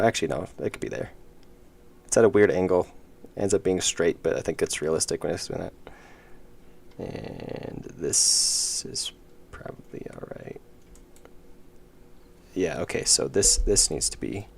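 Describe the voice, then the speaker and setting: A man's voice: low voice, creaky, a little hiss or hum. A young man streaming his indie game development, talking casually and muttering to himself with self-deprecating asides as he draws. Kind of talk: casual livestream commentary while drawing.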